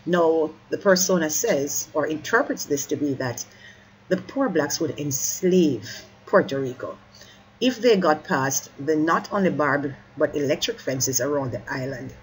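An animated exam-prep teacher with a middle-pitched voice explains a poem line by line, methodically, on poor audio with a faint background hiss. He stops to fix slips with quick apologies of "sorry" mid-sentence and urges listeners to keep up.

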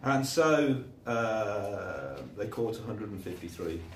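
A low-voiced man gives a chatty sermon, slipping into the voices of the people in his stories. He sits back from the mic in an echoey room, and a faint hum of ambience runs under him. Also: lively intonation, takes it slowly, distant mic. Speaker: preacher. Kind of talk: informal sermon with storytelling.

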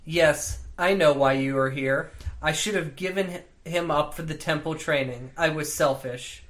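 A man reading aloud as a grieving woman senator who speaks bleakly and bitterly. The voice sits a little high for a man. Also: moderate pace, fairly bright tone, lightly acted.

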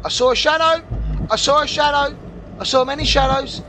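A man's voice: very high voice, steady tone, fairly quick, background noise. A man hosting a horror game playthrough, rambling nervously to viewers and panicking at scares. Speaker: gaming video host. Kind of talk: horror game let's play commentary. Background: game music.

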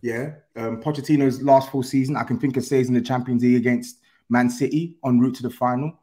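A man's voice: medium pitch, fairly even intonation, brisk, dark tone. A man with a London accent arguing his point on a football podcast panel, insistent and laughing as he defends himself. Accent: London English. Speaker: podcast panelist, Spurs fan. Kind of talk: heated football podcast chat.

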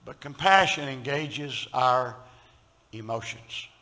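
A Southern US pastor preaches a sermon, swinging between loud emphasis and hushed storytelling while calling on the congregation to respond. His voice is medium-pitched and slow, captured on a rough recording.

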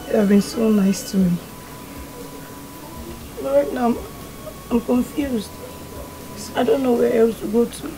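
An actress with a Nigerian accent playing a crying young orphaned housemaid who begs and pleads. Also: female voice, on the high side, vocal fry, dark tone. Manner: pleading, tearful. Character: tearful orphaned young woman thrown out. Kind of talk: Nollywood film acting.

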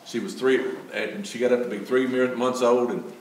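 A man's voice: mid-range voice, fairly even intonation, normal speed, darkish tone, a little hiss or hum. An older man, telling a folksy testimony story as a church speaker. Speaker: Gideons speaker. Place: church sanctuary. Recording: echoey church from far off.

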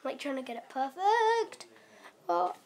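Young woman gaming vlogger, high bright voice, chatty and rushed, slips into whispered asides. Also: lively intonation, a little hiss or hum. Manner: chatty and hurried, with fillers and quiet whispered asides. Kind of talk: casual game walkthrough. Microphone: camera mic.

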